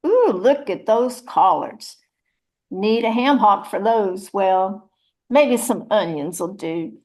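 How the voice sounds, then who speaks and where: A woman's voice: medium pitch, animated, takes it slowly, a little mellow. A woman voicing a chatty, churchgoing rural mama, rambling in a folksy, motherly way. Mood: cheerful rambling. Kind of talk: one-woman audio play reading.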